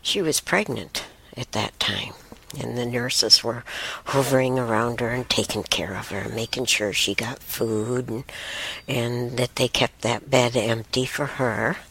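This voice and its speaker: A woman telling a personal story and teaching about spirits slowly, with halting pauses and a voice that slips into a breathy whisper. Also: a bass voice, a bit bright. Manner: drifts into a breathy whisper often; halting, with many restarts and pauses.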